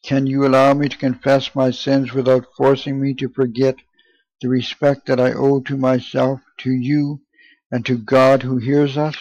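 A man's voice: mid-range voice, little pitch movement, moderate pace, darkish tone, no room sound, close to an everyday voice. A man voicing a trembling, devout young woman pleading at confession, in his own everyday voice on a dull lo-fi recording. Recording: dull lo-fi, dry.

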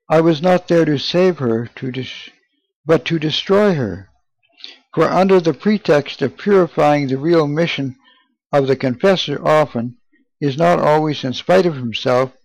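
A man giving an earnest, measured, solemn reading of a first-person memoir. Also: mid-range voice, darkish tone, no echo. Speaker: narrator. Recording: dull lo-fi, dry.

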